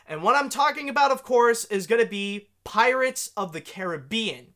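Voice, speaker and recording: A woman hosting an animation news podcast, chatty and animated, with gushing emphasis. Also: fairly high pitch, moderate pace. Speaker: podcast host.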